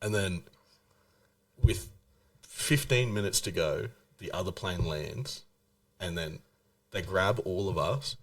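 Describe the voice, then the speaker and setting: A laid-back young man chatting on a podcast, and he often trails off into a soft mumble. His voice is fairly low for a man. He sounds a bit far from the mic. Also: takes it slowly, pauses often. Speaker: podcast co-host. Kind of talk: casual chat.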